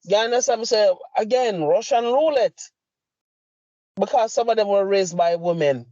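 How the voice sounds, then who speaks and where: On this podcast, a middle-aged co-host with a Jamaican accent goes on a fiery, emphatic rant full of profanity. He speaks at a normal speed in a high-pitched voice with a dark tone. There's no echo, just dry, slightly muffled lo-fi sound.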